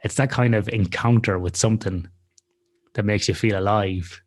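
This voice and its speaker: Brief: man, low voice, loose profane storytelling for a podcast. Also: steady tone, normal speed. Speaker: podcast co-host. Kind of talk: casual storytelling chat.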